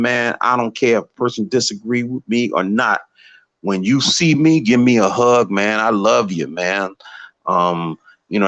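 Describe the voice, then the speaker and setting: A man talking casually on a live stream, animated and heated, repeating himself as he makes his point. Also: fairly low pitch, no room sound. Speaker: guest on a live show.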